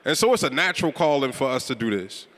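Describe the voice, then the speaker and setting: A man's voice: medium pitch, lively intonation, fast talker, fairly bright tone. A man from Chicago with a Chicago accent, hosting a live event and rallying the crowd with call-and-response. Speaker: event host. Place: large event hall. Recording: reverberant hall.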